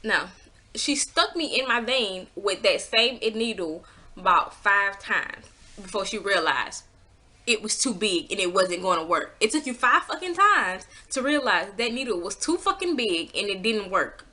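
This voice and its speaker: A woman telling a personal story in a casual vlog, animated and exasperated, swearing freely and acting out what people said. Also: a little slow. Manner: acts out quotes with pitch jumps.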